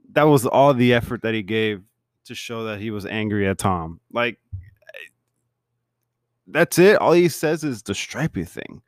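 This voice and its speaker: A man recapping a TV show from home in a casual, animated way, laughing often and acting out lines. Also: fairly low pitch, dry recording, studio quality. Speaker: TV show reviewer.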